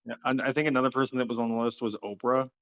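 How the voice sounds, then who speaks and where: A man's voice: medium pitch, fairly even intonation, rapid-fire, a bit bright, highs cut off. Rambling, swearing man on a stream. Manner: rambling, swears a lot, laughs often. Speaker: livestream host. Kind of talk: casual late-night chat.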